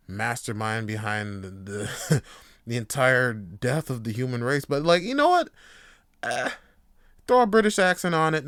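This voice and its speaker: In a casual podcast monologue, the host drifts through a loose rant peppered with profanity. The audio is dry and close-miked with no echo, carrying his clear, smooth, mid-pitched voice.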